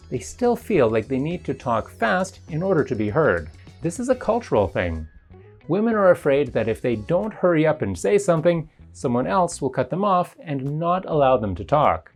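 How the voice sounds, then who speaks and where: Over faint background music, an English teacher explains pronunciation in a scripted lesson narration. The voice has a breathy edge, and while the pitch moves widely from phrase to phrase, the pacing remains even and measured.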